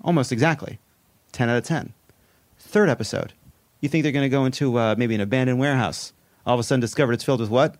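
A man's voice: mid-range voice, fast. A man co-hosting a comedy podcast, delivering a sarcastic, mock-outraged monologue that builds to emphatic peaks. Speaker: podcast co-host. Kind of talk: comedic monologue, casual chat.

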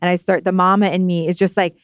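A woman's voice: fairly low pitch, flat delivery, fast talker, clean tone, no room sound. A woman in her thirties, a podcast guest, telling a heartfelt personal story in an earnest, spiritual way, recorded in a studio. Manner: earnest, spiritual, emotional at times.

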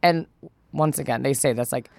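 A woman's voice: extremely low pitch, normal speed, vocal fry, mellow, no echo. A young woman co-hosting a podcast, chatting casually and rambling with lots of fillers. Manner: rambling, many fillers and restarts. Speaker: podcast co-host. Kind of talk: casual chat.

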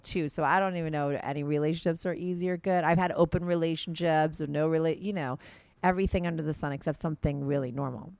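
A woman in her thirties with a low voice hosts a casual podcast. She tells candid, rambling stories, peppered with "like". The sound is dry and close. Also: no room sound. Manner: candid, rambling storytelling with lots of "like". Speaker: podcast host. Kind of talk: casual chat.

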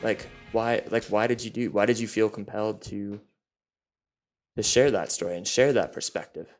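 A man with a fairly low voice puts questions to a guest on a live stage. He stops and rephrases mid-question, and faint music sits behind him. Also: fairly even intonation. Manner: halting, restarts his questions. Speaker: interviewer host.

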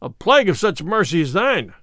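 A man's voice: high-pitched, very animated, fairly quick, a bit bright, no echo, clean studio sound. A man voicing a burly outlaw who has been beaten, roaring and grumbling in archaic speech.

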